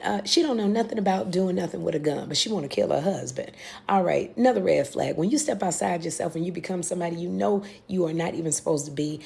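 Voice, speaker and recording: A young American woman recapping a TV series in a casual, animated way, with exclamations and blunt asides. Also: on the low side, gravelly. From United States. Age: young adult. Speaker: reaction video host.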